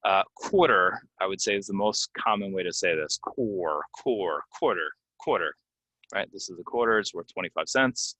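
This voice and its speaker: A man teaching English pronunciation from slides, repeating each word slowly and giving example sentences with many ums. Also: low-pitched, bright, forceful tone, dry recording, poor audio. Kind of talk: slide-based pronunciation lesson.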